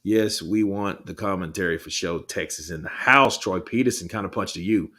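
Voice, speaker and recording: Deep-voiced man chatting on a livestream. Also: normal speed, a bit bright. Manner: loose, rambling, swears, laughs often. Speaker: livestream host reading chat. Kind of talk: casual live chat commentary.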